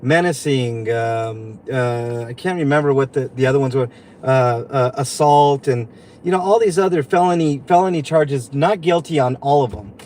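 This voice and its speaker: A man's voice: medium pitch, darkish tone, slight background noise. Upset man venting on a livestream. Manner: upset, venting, halting with many fillers. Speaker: livestream host. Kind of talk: livestream commentary. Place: inside a vehicle.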